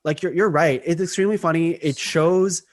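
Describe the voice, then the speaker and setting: A young man hosting a casual podcast chat, chatty and quick to laugh, often restarting his sentences. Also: a little high, fairly even intonation, dry recording, clean studio sound. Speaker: podcast host.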